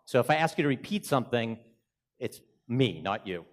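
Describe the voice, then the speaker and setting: A man with a strong Boston accent presents at a conference with energy and plenty of jokes. His voice sits at an ordinary middle pitch. He moves around the stage as he talks. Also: big pitch swings, moderate pace. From Boston, USA. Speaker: conference speaker. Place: hotel conference room.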